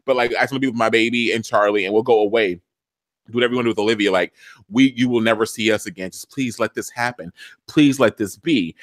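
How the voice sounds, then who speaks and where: A man voicing a desperate young mother who pleads fast in casual slang. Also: on the low side, no room sound, clean studio sound, voice pushed down, natural voice. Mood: pleading.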